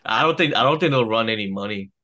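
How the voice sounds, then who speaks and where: A man's voice: on the low side, lively intonation, fast talker, a crowd in the background. Laughing man with blunt remarks. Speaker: podcast co-host. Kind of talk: casual opinionated chat.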